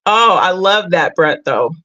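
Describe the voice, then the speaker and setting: A woman's voice: fairly low pitch, animated, a little slow, bright, forceful tone, muffled recording. A middle-aged woman hosting a casual livestream. She talks straight to her viewers, earnest and emotional. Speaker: livestream host.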